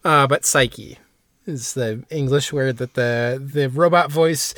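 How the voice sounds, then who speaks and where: A man's voice: mid-range voice, unhurried, fairly bright tone, no echo, studio quality. A man hosting a casual podcast, recapping an anime episode in a rambling way with lots of fillers and asides. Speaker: podcast host summarizing an anime. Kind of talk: casual chat.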